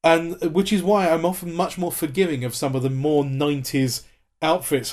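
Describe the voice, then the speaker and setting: Man, thirties, podcast co-host, casual enthusiastic chat, slightly raised pitch, lots of ums. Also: little pitch movement, normal speed, a little mellow. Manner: chatty, enthusiastic, frequent ums and restarts. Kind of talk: casual chat about a TV series.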